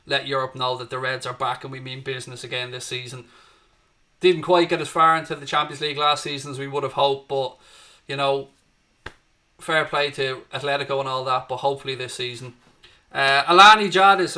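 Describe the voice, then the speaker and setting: A man's voice: a little high, pushed and bright. An Irish man hosting a live fan watchalong, chatting with viewers and calling the match action. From Ireland. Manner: chatty, greets viewers and reads their chat, lifts up at match action.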